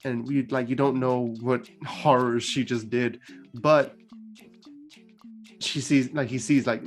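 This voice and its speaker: A male channel host casually retelling a story, chatty and loose, full of filler words. His voice sits at a middling pitch, and light guitar music plays faintly underneath. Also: steady tone, slow, pauses often.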